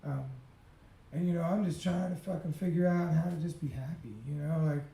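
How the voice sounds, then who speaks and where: Telling an unfiltered, emotional story about himself, a man swears constantly and laughs in quick bursts. His voice is fairly high and mellow, with fairly even intonation. A clear echo surrounds him in a roomy space.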